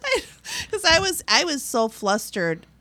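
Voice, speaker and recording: A woman chatting casually, telling a story in an animated way with frequent laughter. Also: sits high, measured pace. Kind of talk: casual chat.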